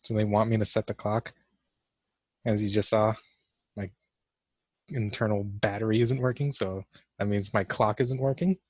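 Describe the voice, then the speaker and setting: A man's voice: on the low side, fairly even intonation, normal speed, long pauses, darkish tone, dry recording. A young man giving casual let's-play commentary for a class vlog, awkward and joking at his own expense. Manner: awkward, self-mocking joking. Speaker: gamer doing a class vlog.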